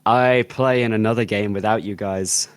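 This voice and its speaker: A man's voice: fairly low pitch, steady tone, normal speed, clear, resonant tone, no echo. A man from Britain co-hosting a casual podcast, rambling and laughing often, with plenty of sarcasm. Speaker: podcast co-host. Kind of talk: casual chat.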